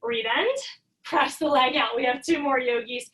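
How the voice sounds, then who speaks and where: A woman yoga instructor calmly cueing poses and breaths in an encouraging way, recorded in her home basement. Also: high-pitched, moderate pace, far from the mic, low-quality recording. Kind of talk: guided yoga class instruction.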